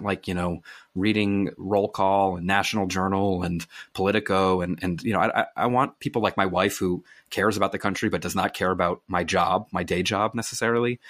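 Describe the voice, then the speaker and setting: Low-voiced man telling animated stories. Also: no echo, clean studio sound. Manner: animated storyteller, quick asides and restarts. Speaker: author and podcast guest. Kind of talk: conversational podcast interview.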